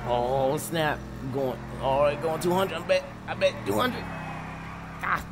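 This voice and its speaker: A young man giving excitable, jokey commentary on a driving game, laughing and shouting often. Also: fairly high pitch, measured pace, over music. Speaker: gameplay commentator. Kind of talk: live let's-play commentary. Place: home room.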